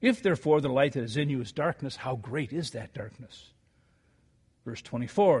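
An older man preaching a sermon, telling a story with animated rises and quiet asides before reading scripture. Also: medium pitch, normal speed, husky. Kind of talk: sermon with anecdote.

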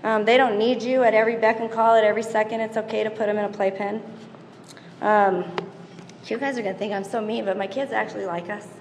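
A woman's voice: mid-range voice, steady tone, fast talker, slight background noise. A woman giving parenting advice to a live audience in a casual, chatty way, acting out scenes and quotes as she goes. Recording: echoey hall with long reverb.

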